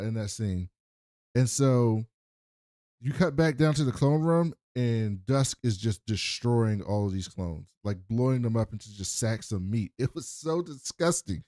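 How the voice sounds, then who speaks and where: A man's voice: mid-range voice, a little mellow, dry recording, studio quality. A man co-hosting a podcast, recapping a TV episode in casual chat, full of "like" fillers and cursing. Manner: rambling, lots of "like" fillers, swears freely. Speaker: podcast co-host.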